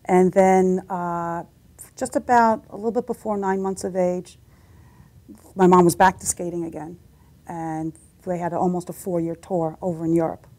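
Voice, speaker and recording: A middle-aged American singer, appearing as a guest, tells stories in a casual interview and acts out the voices of people in her anecdotes. Her voice is fairly low and warm, with a steady tone and moderate pace.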